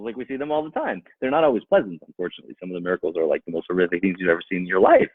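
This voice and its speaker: A man speaks as a rabbi, his voice climbing and falling in wide swings as he drives each point home with rhetorical questions and repeated phrases. His tone is husky and dry, with no room sound around it. The sound is thin and narrow, like a phone line. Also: low-pitched, lively intonation, racing, hardly any pauses, no echo. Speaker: rabbi giving a talk. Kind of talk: impassioned talk to a live audience.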